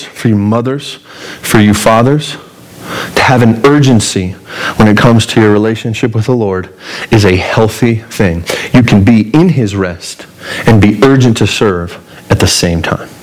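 A man from Colorado preaching a sermon, telling a personal story and acting out his own panic in a strained, high voice. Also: rough recording. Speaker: pastor.

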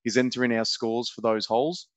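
A man's voice: medium pitch, fairly even intonation, fairly quick, dry recording. A man with an Australian accent co-hosting a podcast, telling a teasing, profane story in casual banter. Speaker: podcast co-host.

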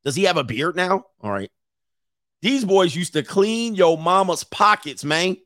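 A man's voice: high-pitched, animated, unhurried, a bit bright, no room sound, clean studio sound. A man hosting a casual commentary show, joking, swearing and laughing often. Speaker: host.

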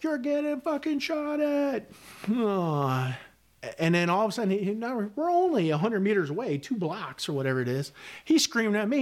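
This middle-aged man, a retired Army sergeant major with a fairly high-pitched voice, is a podcast guest describing combat. His account is blunt and vivid, peppered with fillers and profanity.

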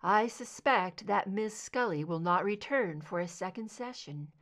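Brief: woman reader playing a soft-spoken, measured hypnotherapist, steady and calm. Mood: soothing. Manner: low, modulated, measured. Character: calm therapist leading a hypnosis session.

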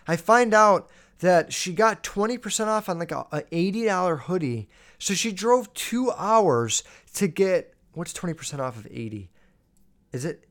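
A young man hosting a podcast, telling a profane, animated story about a rude customer and acting out both sides of the dialogue. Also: a little high. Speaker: podcast host. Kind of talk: casual storytelling rant.

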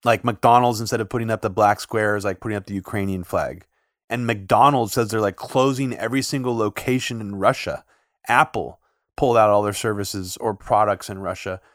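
Guy hosting a chat show, kinda low voice, says like a lot, confused questions. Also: steady tone, fairly quick, no echo, studio quality. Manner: puzzled, questioning, many fillers. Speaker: host. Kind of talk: casual political chat.

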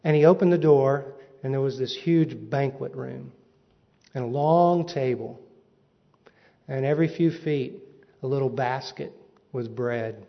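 A man preaching, telling a humorous personal story with lively comic timing. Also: medium pitch, measured pace, creaky, long pauses. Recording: dull recording in a reverberant hall.

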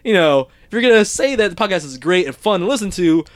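A man's voice: high-pitched, expressive, fast talker, no echo, clean studio sound. A man hosting a podcast, chatting casually, reading listener reviews aloud and laughing often. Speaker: podcast host.

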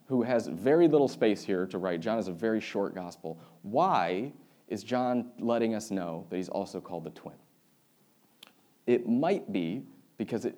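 A man's voice: on the low side, warm tone. A man giving a sermon in a conversational, storytelling way, with wry asides and humor. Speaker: preacher.

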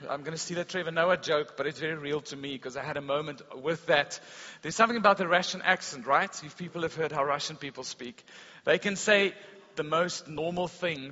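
A man delivers a sermon in a big hall, his bright, fairly high voice ringing with a long echo. The sound is a bit dull and lo-fi. He tells stories with animation, going loud and then suddenly quiet. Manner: animated storytelling preacher, swings between loud and hushed. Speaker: pastor. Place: school hall service.

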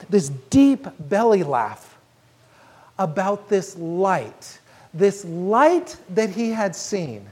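Woman, preacher, sermon storytelling, earnest, measured, breathy, lively pitch. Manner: earnest, measured, slows down on key phrases.

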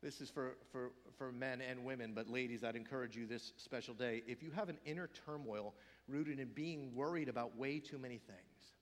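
A man preaching a sermon as pastor, swinging from loud emphatic peaks down to hushed, whispered quotes. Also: medium pitch, moderate pace, in a large hall.

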